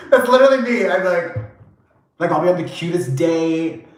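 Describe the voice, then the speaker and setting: Chatty, animated tarot-reading man. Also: high-pitched, moderate pace, very echoey, slight background noise. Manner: chatty, animated, full of fillers and swearing. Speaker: tarot reader. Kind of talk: casual pick-a-pile tarot reading.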